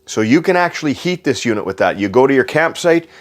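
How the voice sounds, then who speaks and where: A man's voice: medium pitch, sing-song, fast talker. A man giving an enthusiastic, joking sales walkthrough inside a travel trailer, repeating his selling points.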